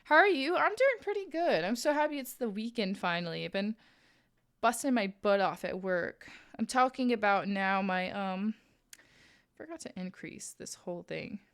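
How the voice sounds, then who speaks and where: A young woman streamer telling a story in a casual, animated chat, with lots of "like"s while she crafts on a live stream. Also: medium pitch, moderate pace, clear, resonant tone. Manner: chatty, animated, many "like"s, acts out quoted voices. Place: home streaming setup, crafting while talking.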